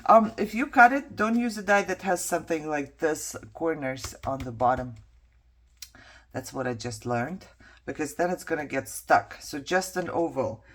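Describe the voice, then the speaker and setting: A woman's voice: fairly low pitch, a bit bright, slight background noise. A woman vlogger chatting casually to herself as she works on a craft project, trailing off and picking back up. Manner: chatty, talks to herself while working; frustrated venting.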